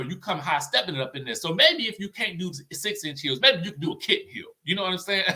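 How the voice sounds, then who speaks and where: A chatty man giving a casual commentary recap of a reality show. His voice is bright, a little high, and swings lively up and down. He keeps checking in with the listener as he talks. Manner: chatty and animated, tags lines with "okay?" and "you know what I'm saying?".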